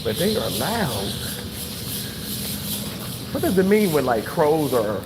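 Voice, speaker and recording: A man casually venting to his viewers, animated and swearing freely, repeating himself for emphasis. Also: fairly high pitch, takes it slowly, long reverb tail, very noisy. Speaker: vlogger reading live chat.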